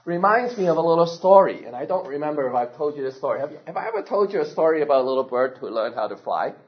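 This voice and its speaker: Male pastor, storytelling sermon, fairly high voice, animated, muffled low-fi sound. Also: racing. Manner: animated, laughs often, asks the audience questions. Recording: dull lo-fi recording.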